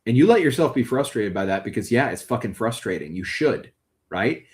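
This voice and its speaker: A man's voice: medium pitch, expressive, brisk, natural voice. A man voicing a caring, blunt partner in a tabletop game, speaking earnestly and swearing often. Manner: earnest, blunt and profane, tender. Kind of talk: tabletop role-play in character.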